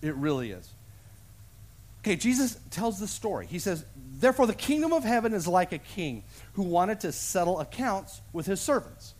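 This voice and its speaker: Lively, high-voiced pastor preaching. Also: male voice, normal speed. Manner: animated storyteller, acts out voices in the parable. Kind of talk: sermon. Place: church sanctuary.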